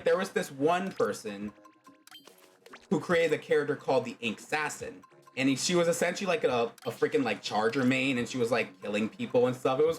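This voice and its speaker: Animated man telling a fan story. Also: mid-range voice. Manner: animated, rambling, many fillers. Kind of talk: casual spoken storytelling.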